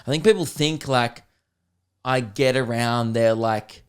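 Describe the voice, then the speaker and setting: A man with an Australian accent, a comedian hosting a podcast, telling stories in a casual, rambling, animated way. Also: mid-range voice, measured pace, smooth. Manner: rambling, animated, slips into voices.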